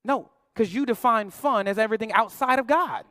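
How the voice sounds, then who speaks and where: A man's voice: very high voice, brisk, sharp tone, no room sound, clean studio sound. A male pastor preaching a sermon in a playful, slangy, conversational way, acting out quoted voices.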